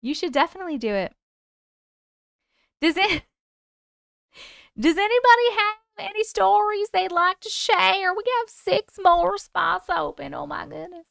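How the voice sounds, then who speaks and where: A woman's voice: very high-pitched, lively intonation, unhurried, gravelly, pauses often, a bit bright, no room sound, studio quality. A woman hosting a casual livestream chat, upbeat and chatty as she answers viewer comments. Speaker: livestream host.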